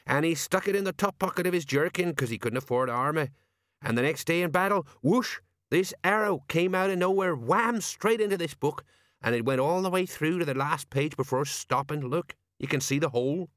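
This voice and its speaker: A man voicing a nervous, rambling middle-aged sergeant who talks in a folksy, drawn-out way. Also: fairly high pitch, a bit bright, no room sound, clean studio sound, pitched above the performer's own voice, natural voice.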